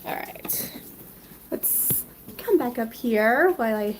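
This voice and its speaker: A woman's voice: fairly high pitch, lively intonation, slow, a little hiss or hum. A woman hosting a casual cooking livestream from her home kitchen, a chatty, scattered mother reading viewer comments aloud as she cooks. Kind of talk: casual live-stream chat while cooking.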